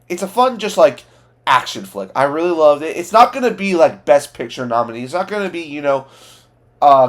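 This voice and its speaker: A man giving a casual spoken movie review, enthusiastic and rambling, full of "like" and "you know" fillers and restarts. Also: a little high.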